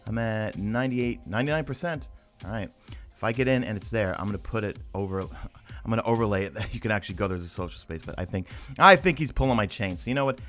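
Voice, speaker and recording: A man's voice: fairly low pitch, fast, fairly bright tone. A man giving a casual video game update, talking emphatically and straight to his viewers. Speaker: gaming YouTuber.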